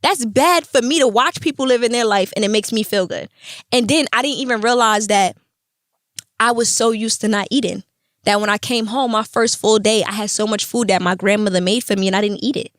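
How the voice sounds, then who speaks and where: A young woman hosting a podcast, telling her story in a casual, animated and profane way, often acting out the voices of others. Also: on the high side, a little fast, dry recording, studio quality. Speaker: podcast host.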